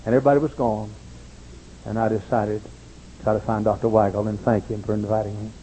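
Speaking a little fast, an older pastor relates sermon stories with lively energy, mimicking the people he quotes in high voices. The recording is rough, with slight background noise.

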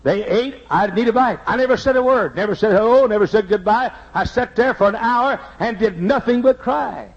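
A middle-aged male pastor from Texas, preaching from a pulpit in a large church, swinging from hushed confession to shouted preaching. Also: sits high, brisk, hardly any pauses. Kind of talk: emotional sermon storytelling. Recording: muffled lo-fi sermon tape.

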